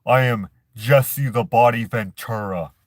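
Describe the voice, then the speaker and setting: A man putting on an impression of a boastful tough-guy male politician, talking slowly and with self-importance. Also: mid-range voice, dry recording, clean studio sound, close to an everyday voice.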